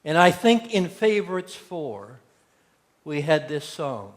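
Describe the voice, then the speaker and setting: A man's voice: fairly high pitch, big pitch swings, slow. A man preaching a sermon as pastor, telling folksy stories and acting out quotes. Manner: folksy storytelling with acted-out quotes. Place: church sanctuary. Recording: long church hall reverb.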